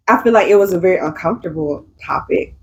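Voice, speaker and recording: A woman with a mid-range voice co-hosts a casual podcast chat, telling stories in an animated way, acting out quotes and laughing often. The recording is rough.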